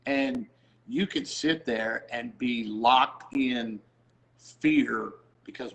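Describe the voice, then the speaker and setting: A man's voice: mid-range voice, slow, creaky, a bit bright, rough recording. Man producer telling a story. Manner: storytelling, acts out quoted voices. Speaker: music producer. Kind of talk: casual faith talk.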